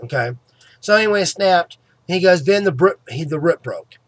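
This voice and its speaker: A man's voice: high-pitched, animated, moderate pace, dry recording. A man telling the story of a painful tooth extraction in a casual vlog, emphatic and swearing, often asking "okay?", with a sore jaw. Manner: emphatic, swears freely, keeps checking in with "okay?". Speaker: vlogger.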